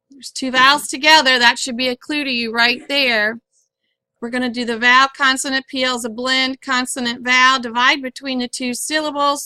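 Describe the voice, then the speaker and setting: A woman's voice: high-pitched, pushed and bright, no room sound. A woman teacher explaining syllables and accent marks in a patient, step-by-step phonics lesson. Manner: clear, patient, step-by-step instructing.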